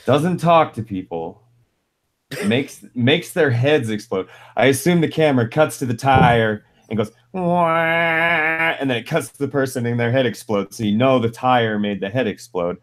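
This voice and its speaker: A man in casual stream chat, curious and quick to laugh, asking question after question. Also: medium pitch.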